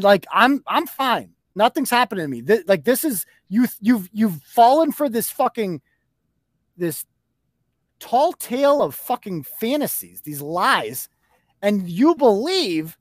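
A man's voice: high voice, very animated, takes it slowly, no echo. A man hosting a podcast, ranting in a profane, combative and mocking way. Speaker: host. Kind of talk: heated podcast rant.

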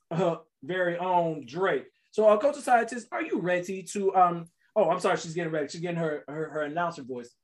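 High-voiced joking podcast man. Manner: animated, joking, interjects often. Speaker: podcast co-host. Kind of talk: casual comedic podcast banter.

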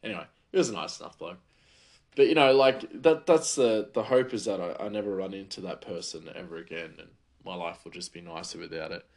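A man's voice: sits low, fairly quick, darkish tone. A man, a chef, telling a heated, rambling story about his work, full of fillers and restarts. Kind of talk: casual storytelling monologue.

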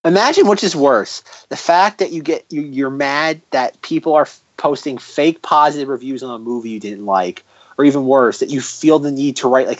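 A man's voice: mid-range voice, dry recording, highs cut off. A man hosting a podcast in casual chat, exclaiming and repeating himself as he talks. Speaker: podcast host.

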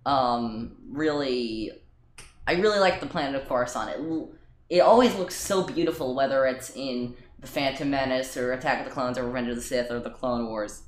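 A man's voice: mid-range voice, moderate pace. A man co-hosting a casual podcast chat, hesitating with many ums and restarts. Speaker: podcast co-host. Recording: roomy echo.

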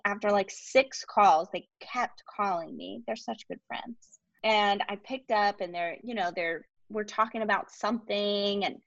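Chatty woman guest, animated storytelling. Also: mid-range voice, no room sound, highs cut off. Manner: animated, many "like" fillers, laughs often. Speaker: podcast guest. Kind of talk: storytelling in casual interview.

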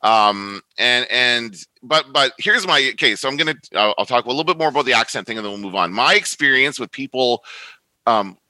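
A man's voice: medium pitch, expressive, a little fast, bright, forceful tone, no echo, low-quality recording. A man from Canada, co-hosting a podcast in casual chat, rambling and correcting himself as he goes. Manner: rambling, self-correcting, chatty. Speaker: podcast co-host.

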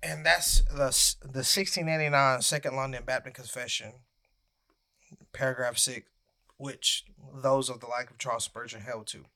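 A man's voice: mid-range voice, steady tone, normal speed, bright, forceful tone. A man co-hosting a casual faith podcast, talking in an earnest way and stopping to laugh at his hiccups. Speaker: podcast co-host. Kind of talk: casual podcast chat, reading a confession aloud.

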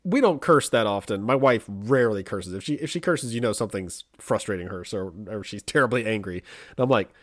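A man telling a family story in casual chat, animated and acting out what people said, with a lot of restarts. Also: on the low side, brisk, dry recording, studio quality. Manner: animated, acts out quoted voices, frequent restarts.

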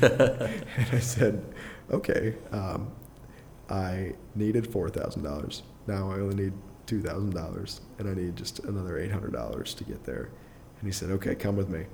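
A young adult man, a podcast guest, telling a personal story in a casual, rambling way full of fillers and quick chuckles. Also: deep voice, lively intonation, creaky, a little mellow, slight background noise. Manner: rambling, filler-heavy, restarts often, chuckles through his story.

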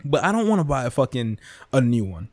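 A young man hosting a podcast, ranting casually with lots of swearing, repetition and quick asides. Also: mid-range voice, no room sound. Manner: animated, profane, repetitive, swings into mock whispers and impressions. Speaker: podcast host. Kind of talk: casual rant monologue.

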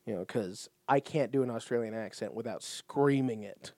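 A man's voice: medium pitch, moderate pace, darkish tone, no echo. A man co-hosting a podcast in casual recap chat, often repeating words as he starts a thought and laughing easily. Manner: stammering restarts, laughs easily. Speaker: podcast co-host.

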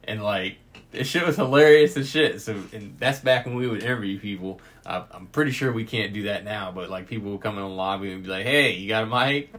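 A man's voice: on the low side, brisk. An American man co-hosting a podcast in casual chat, swearing constantly and rambling through stories with laughs. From United States. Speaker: podcast co-host.

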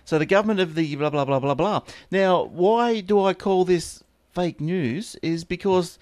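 A man's voice: high voice, moderate pace, darkish tone, no room sound. A man co-hosting a casual tech podcast, joking, laughing often and reading news items aloud. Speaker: podcast co-host.

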